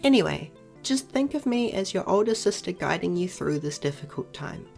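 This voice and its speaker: A woman playing a former streamer, handing out absurd advice in a deadpan, matter-of-fact way in a comedy audio drama. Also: fairly low pitch, normal speed, vocal fry, faint music behind.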